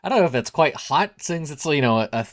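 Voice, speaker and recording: A man's voice: on the high side, expressive, fast, no echo, studio quality. A man around forty in casual podcast chat, talking with many hesitations and restarts. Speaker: podcast co-host.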